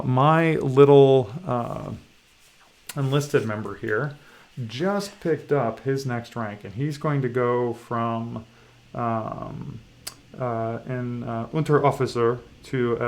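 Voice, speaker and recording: A man with a gravelly, creaky voice talks through the rules of a board game he is playing on a livestream. He pauses often with fillers and pokes fun at himself as he checks the rulebook. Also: mid-range voice. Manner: halting, many fillers, self-deprecating asides. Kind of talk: casual rules walkthrough.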